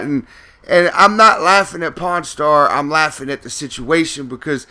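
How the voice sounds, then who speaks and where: A man's voice: a little high, normal speed, pushed and bright. A man, a gaming YouTuber, talking in a casual, profane, rambling rant over gameplay commentary.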